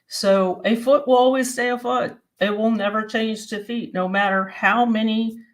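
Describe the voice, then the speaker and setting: A woman from Maryland and West Virginia giving an explanatory presentation in a steady, plain-spoken teaching manner. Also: fairly high pitch, moderate pace. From Maryland and West Virginia, USA.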